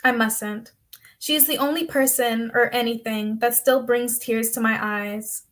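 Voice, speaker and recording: Woman doing spoken word poetry, intense and dramatic, kinda high voice. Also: fairly even intonation, unhurried, fairly bright tone. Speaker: poet competitor.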